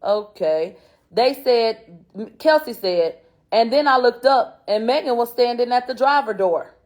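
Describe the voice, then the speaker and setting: A woman's voice: on the high side, lively intonation, unhurried, darkish tone. A woman hosting a show, recapping courtroom testimony in blunt, profane, sarcastic casual commentary. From Houston, Texas. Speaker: host recapping a court trial.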